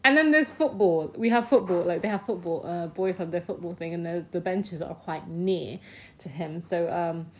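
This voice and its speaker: A woman casually telling a personal story, animated, swearing freely and packing her talk with "like". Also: lowish voice, moderate pace. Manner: often laughs mid-sentence.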